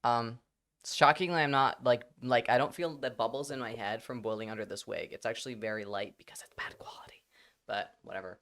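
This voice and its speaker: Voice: medium pitch, steady tone, a little fast, a bit bright. Rambling, giggly live streamer. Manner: rambling, laughs a lot, swears casually. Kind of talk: casual live-stream chat.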